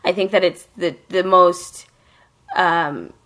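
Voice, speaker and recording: A young woman co-hosts a laid-back anime chat, recapping episodes with lots of energy and swearing while acting out the characters. Her voice sits on the low side and she talks slowly.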